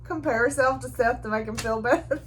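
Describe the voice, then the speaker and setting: A woman casually recapping a novel, chatty and quick to laugh. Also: on the high side, a little hiss or hum. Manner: chatty, giggly, frequent laughter. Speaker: book reviewer.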